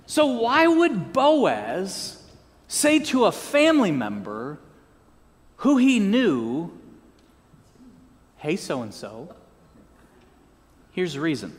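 A man with a high-pitched voice preaches slowly as a pastor, his words trailing off into a long reverb. He's lively, tossing in joking asides and prompting the congregation to repeat phrases after him in call-and-response fashion.

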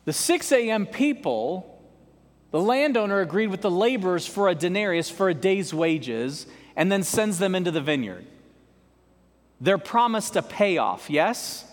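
A man's voice: sits high, animated, moderate pace. A man preaching a sermon to his congregation, conversational, with joking asides to the listeners. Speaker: pastor. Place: church sanctuary. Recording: long hall reverb.

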